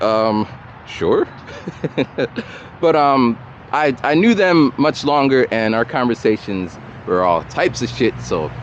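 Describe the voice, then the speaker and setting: A man's voice: medium pitch, slight background noise. A man telling a rambling personal story while walking outside, recorded on a camera mic without a separate mic. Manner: animated, rambling, repeats himself. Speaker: vlogger. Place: outdoors by a road with traffic. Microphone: camera or phone mic, no separate mic. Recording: dull lo-fi camera audio.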